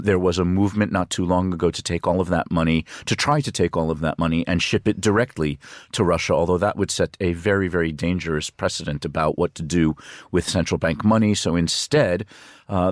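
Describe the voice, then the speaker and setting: A man talking as a studio guest on a news programme, chatty and halting, with fillers and restarts. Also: sits low, dry recording. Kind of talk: news discussion. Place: radio studio.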